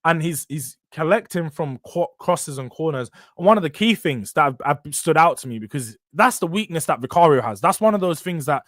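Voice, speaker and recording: Young man, football fan host, banter, slightly high voice, dry recording. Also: brisk, few pauses, no echo. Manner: banter-heavy, animated, trash-talking rivals. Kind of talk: casual fan vlog answering chat.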